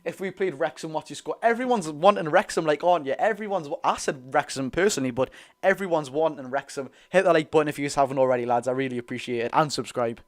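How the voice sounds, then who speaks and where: Here the Geordie livestream host talks fast in a voice on the high side. Reading viewers' questions aloud during a casual watch-along, he answers in a chatty way and keeps calling them "mate" and "lads".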